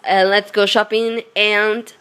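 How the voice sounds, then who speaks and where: Hoarse Brazilian woman vlogging in her second language; slow, halting delivery at a mid pitch. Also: level tone, a bit bright, a little hiss or hum. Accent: Brazilian Portuguese. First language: Portuguese. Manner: halting, searching for English words. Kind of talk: casual chat to viewers.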